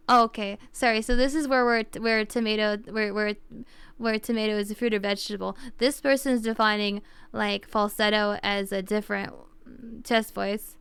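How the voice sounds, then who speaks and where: A woman's voice: a little high, a bit bright, smooth, dry recording. A woman streamer chatting casually on a livestream, thinking aloud and rambling with lots of fillers.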